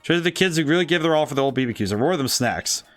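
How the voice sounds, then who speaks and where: A man's voice: a little high, animated, fast talker, soft background music, lightly acted. A man with a dry, cracking throat reading the lines of a folksy old man who hands out snacks, full of homespun, old-fashioned sayings.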